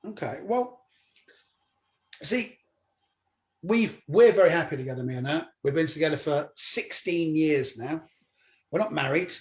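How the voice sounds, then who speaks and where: A middle-aged comedian, speaking a touch higher than most men. He tells his story casually and with animation, slipping into voices as he acts out what others said. The talk is loose and anecdotal, as a guest on an interview. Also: a little slow, long pauses. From Cornwall, England. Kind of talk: conversational anecdote.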